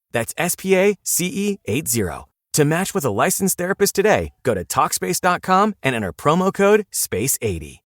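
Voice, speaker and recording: A man's voice: on the high side, no echo, clean studio sound. A man reading a sponsor advertisement in an upbeat sales voice. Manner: upbeat, lively sales read. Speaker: ad narrator. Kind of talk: read sponsor ad.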